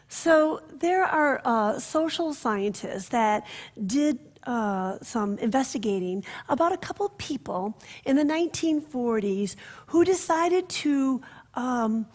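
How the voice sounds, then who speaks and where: A woman minister giving a sermon, telling stories in an expressive way that drops to soft, hushed passages. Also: on the high side.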